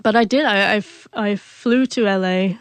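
A woman in her forties tells her story as an interview guest, and her stutter catches on the first sounds of words. Her voice sits at a middle pitch. The recording is dry and close. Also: normal speed, clear, resonant tone, dry recording. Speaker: author and guest.

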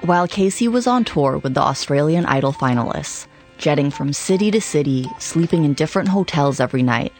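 A woman hosting a podcast, narrating a true story in a measured way and asking probing questions. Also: deep voice, a little mellow. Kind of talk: scripted narration and interview questions.

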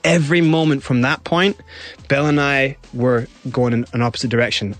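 A man's voice: mid-range voice, steady tone, normal speed, a bit bright, faint music behind. A man, a guest in an interview, recounting events animatedly and acting out other people's lines. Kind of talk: interview storytelling.

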